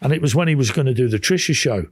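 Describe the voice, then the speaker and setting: A man's voice: medium pitch, animated, rapid-fire. An English man, a podcast guest, telling long rambling anecdotes in a casual interview, full of quoted exchanges and restarts.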